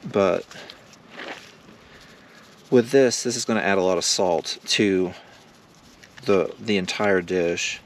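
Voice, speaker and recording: A man vlogging casually while camping alone, talking slowly and loosely with lots of fillers. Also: deep voice, slight background noise. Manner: slow, rambling, laid-back talk with many fillers. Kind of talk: casual solo camping vlog. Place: outdoors at a windy campsite.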